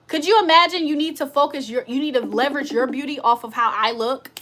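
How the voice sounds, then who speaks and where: Woman livestream host, high sharp voice, blunt and profane. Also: fast. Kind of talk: casual live chat to viewers.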